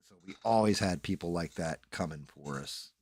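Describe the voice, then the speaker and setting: A livestream host with a low-pitched voice tells a rambling, profane gaming story at a moderate pace. His manner is laid-back, like casual storytelling chat.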